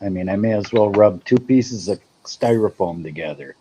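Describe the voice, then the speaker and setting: Low mellow-voiced Minnesota man chatting. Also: expressive, moderate pace, slight background noise, rough recording. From Minnesota, USA. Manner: modest, self-deprecating, rambling. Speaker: host. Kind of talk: casual chat.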